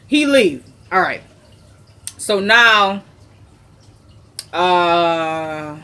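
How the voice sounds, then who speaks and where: A woman's voice: medium pitch, a bit bright. Woman recapping an episode, casual chat, acts out each character's lines. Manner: retells scenes, acting out quoted lines.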